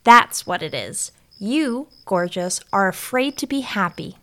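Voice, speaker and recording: An actress voicing an adoring young girlfriend, speaking softly and tenderly. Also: mid-range voice, animated, a little slow. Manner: soft, tender, gently teasing. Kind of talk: audio drama acting.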